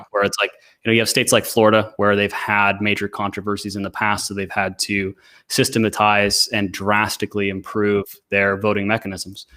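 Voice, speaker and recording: A man with a low voice explains things calmly in casual podcast talk. He speaks evenly and steadily, with little rise and fall, and hedges with small fillers. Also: rough recording. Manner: measured, explanatory, with filler words.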